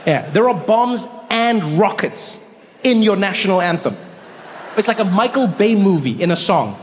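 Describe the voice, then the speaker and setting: A man from South Africa performing a stand-up comedy routine, animated and acting out angry crowds in a raised voice. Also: moderate pace, slight background noise. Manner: animated, acts out shouting crowds in a high voice. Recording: live hall with reverb and faint ambience.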